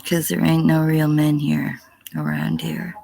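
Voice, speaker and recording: A woman's voice: low-pitched, level tone, measured pace, mellow. A middle-aged woman on a casual livestream answering chat, blunt and profane, sometimes dropping to a whisper. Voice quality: gravelly, husky.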